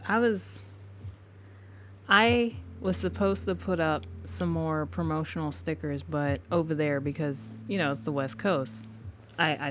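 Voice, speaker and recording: A woman's voice: sits low, a little hiss or hum. A woman artist on a live stream, chatting casually with her viewers, laid-back and laughing often.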